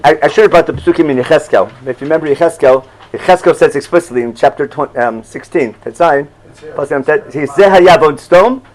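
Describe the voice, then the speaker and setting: Talking fast in a somewhat high voice, an older man gives an informal, conversational Torah class. He repeatedly checks "you follow?" and chuckles at his asides, and the recording quality is low.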